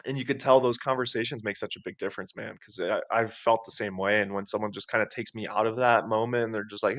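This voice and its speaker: A man's voice: fairly low pitch, fairly even intonation, quick pace, no echo. Reserved, thoughtful male podcast host. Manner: reserved, soft-spoken, thoughtful. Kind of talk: casual conversational chat.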